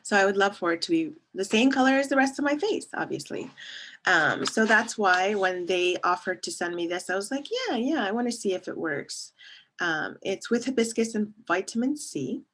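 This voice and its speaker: A woman's voice: medium pitch, expressive, normal speed, a bit bright, slight background noise. A woman in her thirties talking casually in a beauty review, chatty and digressive, often laughing and reading product labels aloud. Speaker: beauty vlogger reviewing a face mask.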